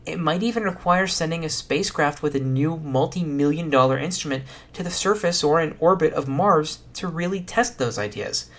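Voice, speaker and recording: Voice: mid-range voice, lively intonation, normal speed, hardly any pauses. A podcast host giving a solo science explanation in a casual, dry and sardonic way, with some fillers.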